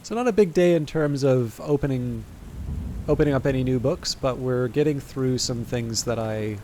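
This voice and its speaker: A man's voice: mid-range voice, moderate pace, dark tone, a little hiss or hum. A man commentating a game late at night, thinking aloud with hesitant restarts and reading game text, a little tired. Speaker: gameplay commentator.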